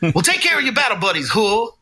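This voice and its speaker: A man's voice: high-pitched, big pitch swings, quick pace, pushed and bright, pitched above the performer's own voice, full character voice. A man doing a barking army drill sergeant. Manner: barks short lines, tags each with "whoa". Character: loud, intimidating male army drill sergeant.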